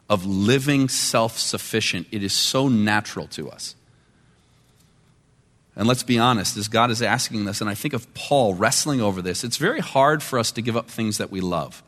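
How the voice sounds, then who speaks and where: Male pastor, conversational sermon delivery with quiet and emphatic turns, recorded in a reverberant church hall. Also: lowish voice. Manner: conversational preaching, shifting between quiet and emphatic. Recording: long reverb of a large hall.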